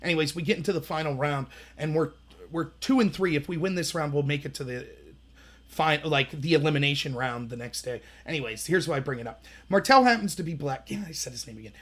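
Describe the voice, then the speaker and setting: A man in his thirties hosting a livestream, telling animated stories in casual commentary and acting out the voices he quotes. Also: on the high side, quick pace. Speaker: livestream host.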